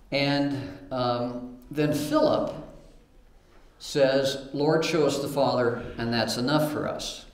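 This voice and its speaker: A man's voice: medium pitch, steady tone, slow. A man preaching a sermon, reading scripture aloud between plain remarks, with fillers and repeated starts. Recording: roomy echo.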